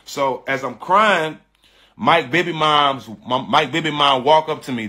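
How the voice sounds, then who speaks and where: A man casually telling a personal story to an online audience, animated and emphatic, repeating phrases and calling his listeners "dog" and "bro.". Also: a little high, a little slow. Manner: frank and confessional, with slangy speech.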